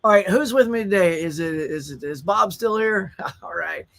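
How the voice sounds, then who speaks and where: A man's voice: high-pitched, normal speed, creaky, fairly bright tone. A middle-aged man from Colorado, hosting a casual live stream and chatting with viewers, often laughing. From Colorado, USA.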